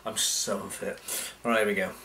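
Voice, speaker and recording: A man playing a motion-control cooking game, out of breath, swearing and shouting at the controls as he commentates. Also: lowish voice, level tone, moderate pace, gravelly, noisy background. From United Kingdom. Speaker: gaming YouTuber. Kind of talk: let's play commentary. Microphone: facecam with desk mic. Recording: game music playing behind the voice. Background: game music.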